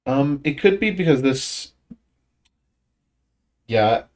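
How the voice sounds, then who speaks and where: Taking it slowly in an animated, mid-range voice, the leader of a casual Tongan study group patiently explains grammar. He thinks aloud with plenty of fillers and restarts and gives learners quick words of praise.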